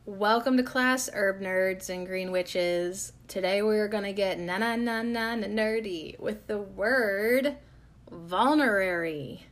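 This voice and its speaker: A woman's voice: mid-range voice, takes it slowly. A woman hosting a casual herbal podcast lesson, talking in a playful, chatty and self-deprecating way.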